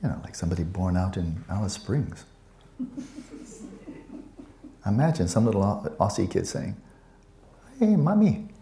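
A man's voice: low-pitched, lively intonation, moderate pace, gravelly, pauses often, dark tone, reverberant, a little hiss or hum. A man teaching Buddhism to students in a conversational, digressive way with playful asides. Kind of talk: dharma talk to students.

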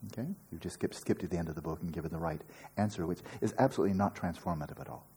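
An older man leads a meditation teaching in an earnest, explanatory way, tossing in playful asides and rhetorical questions. His voice sits low and mellow. It carries a strongly husky, breathy grain. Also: racing. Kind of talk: dharma talk to retreat students.

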